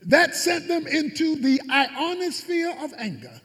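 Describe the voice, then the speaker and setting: A man's voice: very high voice, very animated, a little slow, fairly bright tone, big-room sound. A man preaching a sermon as pastor, with emphatic repetition and fervent delivery.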